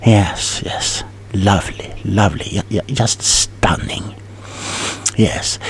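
A man's voice: lowish voice, slight background noise, full character voice. A man playing a rambling, scatterbrained tingle salesman in a whispered role-play, stumbling over his words. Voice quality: soft whispering. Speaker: ASMR role-play performer.

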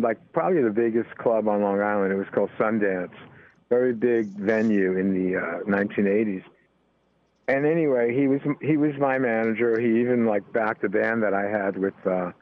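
A man's voice: on the low side, dry recording. Older American man on a tinny line. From United States. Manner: rambling, full of "you know" fillers. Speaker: guest musician. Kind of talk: casual interview talk. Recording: tinny phone-line sound.

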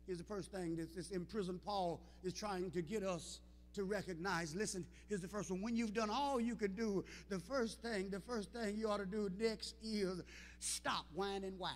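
A young adult man preaching a sermon as pastor, calling out to the congregation, building to shouts and sung, chanted lines. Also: high-pitched, normal speed, big-room sound. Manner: call-and-response preaching, rising to shouts and sung phrases. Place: church sanctuary.

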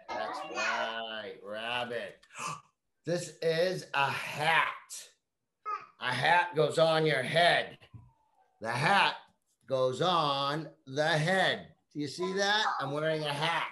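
A woman teaching young children, reading a picture book aloud in a slow, coaxing way and prompting them to repeat words. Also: low voice, fairly bright tone. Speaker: kindergarten teacher.

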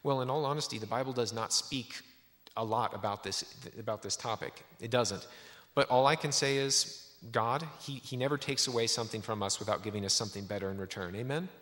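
A man's voice: mid-range voice, brisk, fairly bright tone. Man preaching in an echoey church. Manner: storytelling with many restarts. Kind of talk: sermon.

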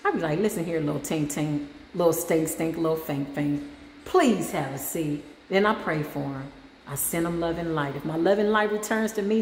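Sassy, chatty woman giving a spiritual reading. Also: medium pitch. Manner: sassy, chatty, says "child" and "y'all" a lot. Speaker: spiritual reader and channel host. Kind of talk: casual tarot-reading vlog talk. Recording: echoey room with faint background hum.

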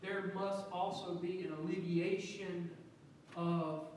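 A man's voice: sits high, flat delivery, slow pace, a little mellow, slight background noise. A man preaching a sermon as pastor, stressing his points with repeated words and frequent amens. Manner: preaching with emphatic repetitions and amens. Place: church sanctuary. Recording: echoey church from a distance.

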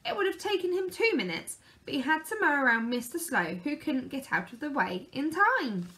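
A woman reading a children's picture book aloud in a lively, expressive way. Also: high-pitched, normal speed. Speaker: storyteller.

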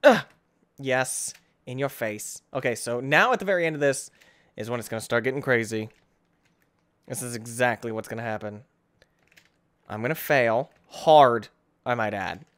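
A young man giving excitable playthrough commentary, breaking into sudden high yelps and self-mocking groans. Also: normal speed, pauses often. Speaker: gaming channel host.

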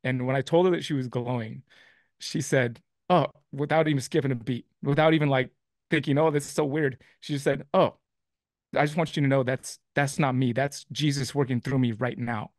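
A man's voice: mid-range voice, steady tone, brisk, dry recording, clean studio sound. A man telling a personal faith testimony as a guest, rambling along with restarts and acting out what people said. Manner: rambling, with many restarts and quoted dialogue.

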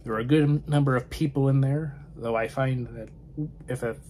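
A man's voice: medium pitch, fairly even intonation, brisk, warm tone, a little hiss or hum. A man chatting casually about films, rambling and often trailing off to a murmur. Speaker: film vlogger. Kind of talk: casual film chat.

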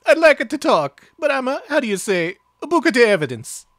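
A game streamer doing a put-on Italian accent for a male police officer in a retro adventure game, speaking in a halting, hammy way. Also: sits high, sing-song, a bit bright, dry recording, studio quality, voice pushed up.

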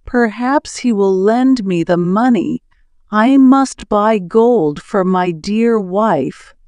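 A poor, hardworking husband from a storybook tale, gentle and devoted, as a woman reads him out. The words come very slowly and crisply, with a dry, close sound. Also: medium pitch, lively intonation, no room sound. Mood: tender.

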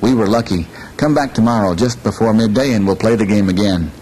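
A small, careful crab from a storybook tale, polite and a little jittery, voiced by a male storyteller. His voice stays fairly low, with a faint rumble behind it. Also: brisk, a little mellow, lightly acted, rough recording. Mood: cautious. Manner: polite, nervous and cautious.

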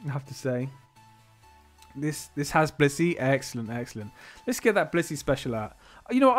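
A man chatting casually on a live stream as he opens card packs, excitable and quick to laugh, sometimes trailing off into quiet asides. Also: on the high side. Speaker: streamer opening trading card boxes.

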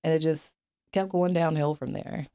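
A woman's voice: sits low, steady tone, normal speed, mellow, clear, resonant tone. A young woman as an interview guest, telling her life story candidly and bluntly, with frequent swearing and fillers. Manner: blunt, profane, many fillers.

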